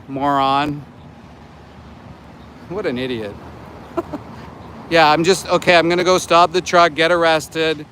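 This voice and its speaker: A Canadian man in his forties livestreaming as an animal rights activist outside a slaughterhouse, ranting with indignation and shouting at truck drivers. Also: fairly high pitch. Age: 40s. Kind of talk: live street vlog. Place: outdoors by a road outside a slaughterhouse. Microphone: phone held while livestreaming. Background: passing trucks and traffic.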